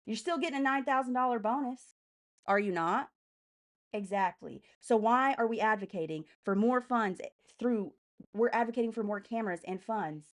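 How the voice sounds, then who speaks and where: Furious swearing woman live streamer. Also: fairly high pitch. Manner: heavy swearing, fast and heated. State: enraged, agitated. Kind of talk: angry political rant on a live stream.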